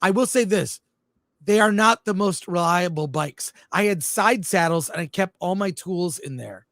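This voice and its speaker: A man's voice: sits high, moderate pace, fairly bright tone, no room sound. A man co-hosting a casual livestream film review show, blunt and jokey, reading viewer comments aloud. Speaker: film critic co-host.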